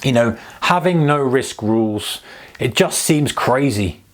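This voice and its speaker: A man's voice: medium pitch, animated, unhurried. A man giving tongue-in-cheek trading advice to camera, with mock-enthusiastic, ironic urging. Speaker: trading educator.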